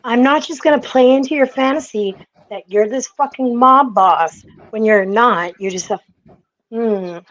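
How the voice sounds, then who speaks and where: A woman's voice: fairly high pitch, unhurried, fairly bright tone, muffled recording. A woman hosting a casual chat, talking bluntly and with plenty of swearing. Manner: blunt, profane, rambling.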